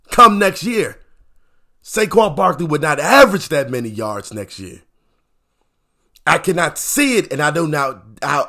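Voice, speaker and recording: A high-pitched man runs a laid-back sports opinion show, repeating himself with lots of energy and throwing out rhetorical questions.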